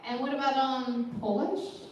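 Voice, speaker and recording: A woman interviewer, chatting softly and casually with her guest and laughing along. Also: sits high, measured pace. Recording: very echoey room, mic far off.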